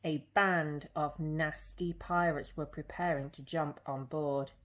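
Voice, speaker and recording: Woman, storyteller, children's book, slow pace, lowish voice. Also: steady tone. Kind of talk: reading a children's picture book aloud.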